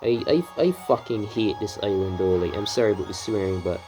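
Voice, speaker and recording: A man's voice: low voice, fairly even intonation, a little fast, darkish tone, faint music behind. A man from Barbados giving casual, rambling commentary while playing a racing game, drifting into swearing rants. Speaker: gameplay commentator.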